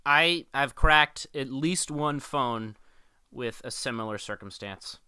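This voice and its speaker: Bright, crisp-voiced rambling podcast man. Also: medium pitch, takes it slowly. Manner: rambling, animated, stumbles over words. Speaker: podcast co-host. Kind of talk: casual comedic chat.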